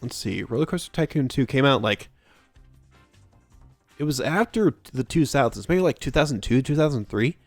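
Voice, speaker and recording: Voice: medium pitch, animated, normal speed, no room sound, faint music behind. A streamer from Texas, giving playful, giggly commentary while playing a game and sounding out German ride names.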